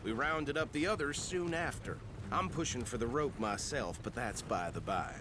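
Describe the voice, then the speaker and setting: A man voices a fussy small-town deputy, self-important and officious, his mid-pitched voice laying out orders. Clear outdoor game ambience and passing carts sit behind him. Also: expressive, normal speed, noisy background, natural voice.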